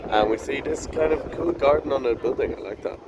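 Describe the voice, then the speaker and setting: A man's voice: mid-range voice, a little fast, heavy background noise. A young man joking and teasing his friend as they vlog their holiday. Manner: jokey, teasing, excitable. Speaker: vlogger. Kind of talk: playful travel vlog banter.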